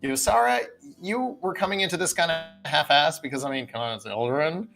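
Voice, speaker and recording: Relaxed game master narrating. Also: medium pitch, fairly quick, vocal fry, faint music behind.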